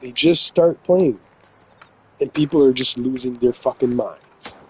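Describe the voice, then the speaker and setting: A man's voice: medium pitch, a little slow, a little mellow, breathy edge, low-quality recording. A man from New Brunswick, Canada, telling a rambling, profane story in casual chat and laughing often. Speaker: gaming vlogger telling a story.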